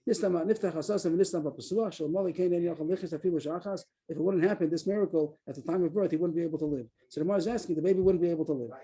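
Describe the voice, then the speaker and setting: Male Talmud teacher on a video call, rattles through the text, dark and husky. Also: on the high side. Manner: explains quickly, repeats phrases, reads Aramaic text aloud. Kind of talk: Daf Yomi class on a video call.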